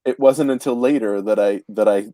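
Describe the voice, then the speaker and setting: A man, telling a casual anecdote in a chatty, animated way with frequent restarts. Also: lowish voice, fairly quick, no room sound. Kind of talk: casual storytelling chat.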